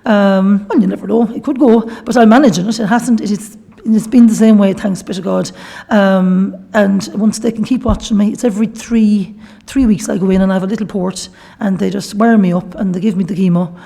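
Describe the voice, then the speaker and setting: Quick, gravelly Irish woman telling her story. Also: mid-range voice, fairly even intonation, warm tone. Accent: Irish, Galway. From Ireland. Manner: chatty storytelling, acting out quoted dialogue. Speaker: guest speaker. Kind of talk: personal testimony talk. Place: shrine workshop hall.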